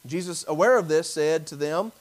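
A man preaching a sermon, acting out biblical voices and swinging from loud emphasis to near whispers. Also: fairly high pitch, moderate pace, rough recording. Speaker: pastor.

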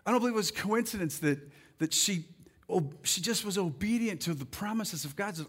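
A male pastor preaching a sermon, rallying the congregation and reading scripture slowly and deliberately. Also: high voice, husky. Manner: animated, rallies the crowd with "come on".

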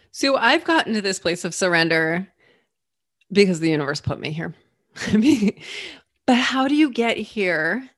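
A woman hosting a solo podcast, talking reflectively and acting out her own inner thoughts in lively asides. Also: fairly low pitch, no echo, studio quality. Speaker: podcast host.

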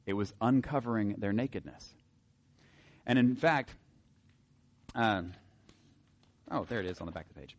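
A man with a somewhat low voice teaches from the Bible to a gathered group. He talks loosely and wryly, with frequent fillers, and slips into reading verses aloud. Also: lively intonation, normal speed, long pauses. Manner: casual, wry, many filler words, reads scripture aloud.

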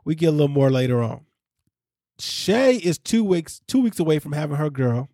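A man hosting a casual recap podcast, talking in an animated way, laughing and quoting people as he tells the story. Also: on the high side, moderate pace, dry recording, clean studio sound. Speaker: podcast host.

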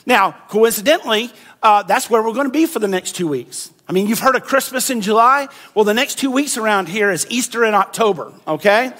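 High-voiced man preaching a lively sermon. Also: a little fast. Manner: animated, conversational preaching with acted-out quotes. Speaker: pastor.

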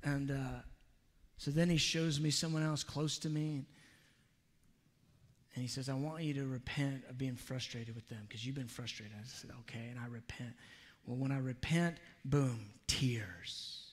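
Male pastor, mid pitch, earnest confessional sermon storytelling, reverberant hall sound. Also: fairly even intonation, normal speed.

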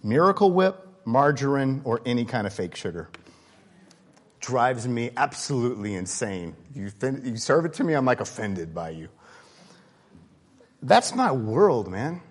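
Male pastor, sermon, conversational, candid, mid pitch. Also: very animated, unhurried, pauses often, breathy edge. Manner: conversational, candid, swings between loud emphasis and quiet asides.

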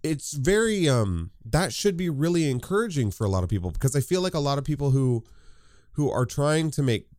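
A man's voice: a little high, sing-song, a little mellow, no echo, studio quality. A man speaking as a podcast guest, talking casually with many restarts. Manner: halting, many restarts and fillers. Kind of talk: casual chat.

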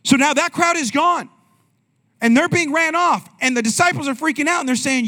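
A man with a notably high voice preaches in a loose, talky way, firing questions at the congregation and bouncing between jokes and scripture. He sounds like a young adult pastor speaking from the pulpit. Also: fairly quick, bright, forceful tone. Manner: conversational, asks the congregation questions. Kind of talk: sermon.

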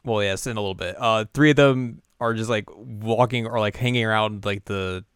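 A young man co-hosting a podcast, rambling through a casual anime episode recap in an animated way. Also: fairly low pitch, moderate pace, smooth, no room sound, clean studio sound. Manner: rambling, animated, keeps slipping into character voices. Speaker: podcast co-host.

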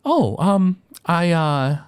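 Guy putting on a high sweet gnome woman voice, coy and polite. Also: big pitch swings, drawn-out words, clear, resonant tone, no echo, full character voice. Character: smiling well-dressed female rock gnome, sweet.

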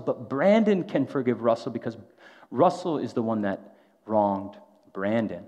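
A man's voice: medium pitch, lively intonation, unhurried, mellow. Man preaching in an echoing hall. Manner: conversational, frequent rhetorical "right?". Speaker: pastor. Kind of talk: sermon. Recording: long hall reverb, dull lo-fi sound.

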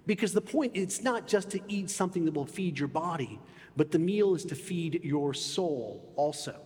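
A man preaching a sermon in an emphatic way, often dropping low and soft on key phrases. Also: big-room sound.

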